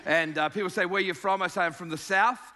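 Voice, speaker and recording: Bright-voiced Australian man preaching. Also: high voice, fast talker. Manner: jovial, joking, energetic preaching. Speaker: guest preacher. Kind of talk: sermon.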